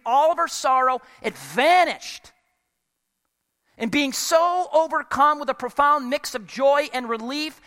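Higher-voiced guy preaching, swings loud to quiet, long echo like a big church. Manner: dramatic preaching, swings from loud to hushed, with humorous asides. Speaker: pastor. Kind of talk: sermon. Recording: long reverb of a large hall.

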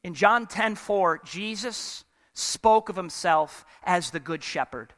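A man preaching a sermon as pastor, dramatic, dropping from loud to hushed, with humorous asides. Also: high-pitched, slow. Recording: long reverb of a large hall.

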